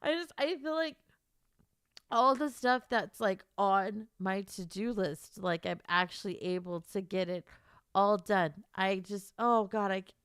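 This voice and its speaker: Young woman, live-stream chatter, teary, stuffed nose, laughing and swearing, smooth voice, dry sound. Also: medium pitch, a little slow, a bit bright, no echo. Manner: emotional, laughing through tears, swearing. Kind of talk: casual live-stream chat.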